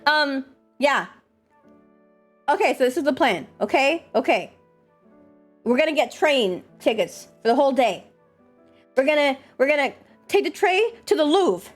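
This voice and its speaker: A woman streamer chatting casually and fast, swearing a lot and answering her chat. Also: high-pitched, big pitch swings, soft background music.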